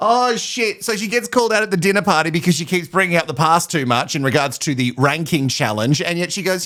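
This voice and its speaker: A man hosting a casual reality TV recap, sarcastic and quick to laugh. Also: on the high side. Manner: sarcastic, laughs often, animated. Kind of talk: casual reaction commentary.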